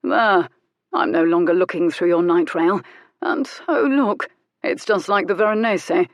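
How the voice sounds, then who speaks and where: A woman's voice: fairly low pitch, unhurried, no echo, studio quality. A woman voicing an arrogant adult male duke who needles and teases in a cool, mocking way. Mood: teasing.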